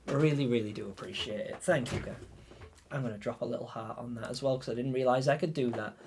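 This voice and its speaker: A man's voice: mid-range voice, quick pace, a little mellow, slight background noise. A man livestreaming a game, thanking viewers in a heartfelt, stammering, emotional way. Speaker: gaming livestreamer. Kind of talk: live-stream chat with viewers.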